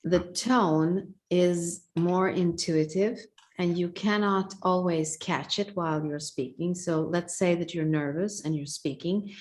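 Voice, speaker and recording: A woman's voice: on the low side, takes it slowly, darkish tone. A woman speaking earnestly and reflectively in a conversation, often repeating phrases as she searches for words. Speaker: guest speaker.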